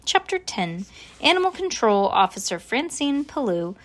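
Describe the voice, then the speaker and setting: A woman reading a children's chapter book aloud, voicing the characters with lively jumps in pitch. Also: normal speed. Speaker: reader.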